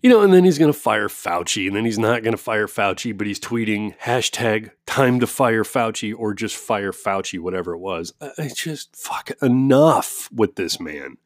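A man's voice: lowish voice, lively intonation, normal speed, hardly any pauses, no room sound, clean studio sound. A man talking at home in a casual ranting monologue, profane and sarcastic, with frequent laughs. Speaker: parent with kids at home.

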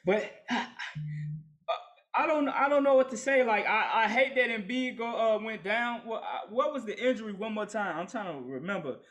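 A man co-hosting a casual sports talk debate, halting and stammering, trailing off mid-thought. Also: high-pitched, a bit bright.

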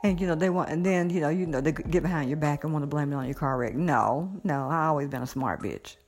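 A woman's voice: low voice, fast, faint music behind. A middle-aged woman in a casual monologue, giddy and blunt, cursing freely and laughing often. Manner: giddy, animated, swearing freely, frequent laughter. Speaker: vlogger.

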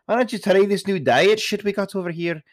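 A man voicing a bickering old Scottish shopper in a rough put-on Scottish accent. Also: high voice, brisk, dry recording, voice pushed up, lightly acted. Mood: teasing. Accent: attempted Scottish.

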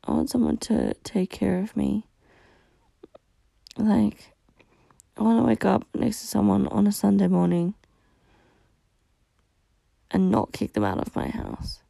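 A woman's voice: mid-range voice, animated, unhurried, gravelly, long pauses, mellow, dry recording. A young woman hosting a solo podcast, talking candidly and rawly about her feelings, venting and swearing often. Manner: raw, venting, frequent swearing. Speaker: podcast host.

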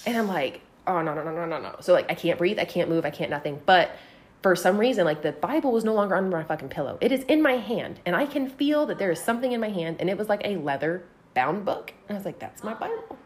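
A woman's voice: medium pitch, quick pace. A woman telling a personal story on a casual podcast, swearing freely and filling her talk with "like". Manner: profane, animated, heavy use of "like".

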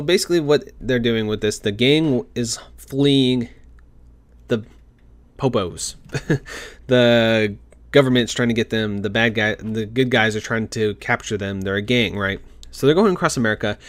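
A man reading a game article aloud and adding his own excited, gushing commentary, talking fast with frequent restarts. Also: lowish voice. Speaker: gaming commentator.

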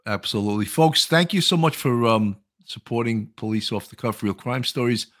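A man in his sixties, a former police officer hosting a podcast, chatty and animated, laughing often. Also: mid-range voice, normal speed. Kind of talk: casual podcast chat.

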